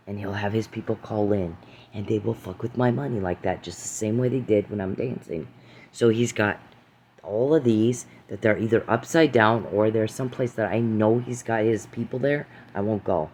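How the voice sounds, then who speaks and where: A man's voice: on the low side, a little hiss or hum. A man ranting to camera in an angry, rambling way, cursing, accusing, repeating himself and stumbling over restarts. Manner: profane, accusing, repeats phrases, stammering restarts. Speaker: vlogger.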